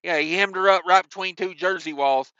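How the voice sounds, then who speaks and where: A man's voice: sits high, a little fast, sharp tone, clean tone, no echo, highs cut off. A man hosting a trucking news show, reading stories and breaking off into wisecracking asides with mild cussing. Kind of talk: reading news with joking commentary.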